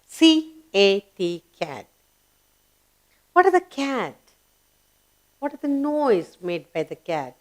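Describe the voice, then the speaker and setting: Slow-spoken woman teacher. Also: mid-range voice, animated. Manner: asks and answers own questions, spells words letter by letter; emphatic, coaxing classroom delivery. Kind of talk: children's grammar lesson.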